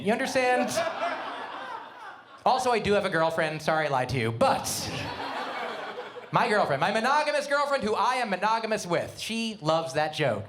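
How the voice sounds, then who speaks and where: Animated middle-aged male stand-up comedian. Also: sits high, noisy background. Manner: animated, quick asides, wordplay. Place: comedy venue with live audience.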